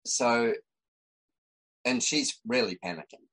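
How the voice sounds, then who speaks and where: A man's voice: medium pitch, level tone, takes it slowly, creaky, a bit bright, rough recording. An Australian man, a designer and podcast guest, telling a story in casual chat with lots of fillers and restarts.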